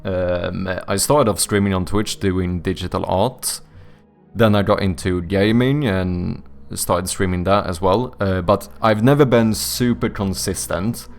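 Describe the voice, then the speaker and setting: This Swedish live-streamer reads chat aloud and talks casually with his audience, joking, rambling, and fixing his own words, in English with a Swedish accent and a British lean. His low voice is steady and a little slow, with faint music behind.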